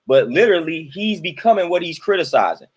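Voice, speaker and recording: Preachy man talking slightly high. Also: very animated, fairly quick, husky. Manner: repetitive, preachy, emphatic. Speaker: commentator. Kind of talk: casual opinion monologue.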